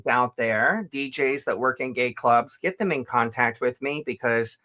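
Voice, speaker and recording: This is an older man with a Southern Ozarks accent, hosting a relaxed talk show. His voice is bright and a little forceful, and he talks in a playful, chatty way and laughs easily. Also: mid-range voice, normal speed. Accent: Southern American (Ozarks). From Ozarks, USA. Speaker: host. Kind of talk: casual chat.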